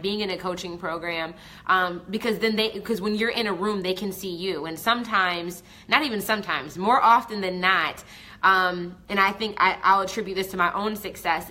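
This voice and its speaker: A woman's voice: lowish voice, sharp tone. A woman business coach talking with feeling on a live stream, repeating herself and swearing casually. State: tearful at moments. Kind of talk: emotional live-stream talk.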